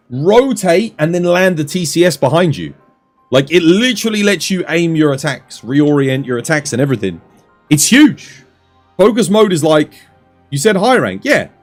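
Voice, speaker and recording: A young Australian man casually chatting on a game stream, laid-back and chatty as he explains tips to viewers. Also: a little high. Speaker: streamer and coach. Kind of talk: casual gameplay stream chat.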